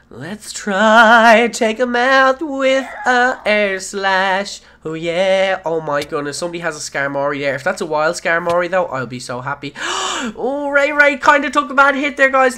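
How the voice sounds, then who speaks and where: A man hosting a gaming video, giving playful let's-play commentary that bursts into excited shouts and silly made-up rhyming words. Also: sits high.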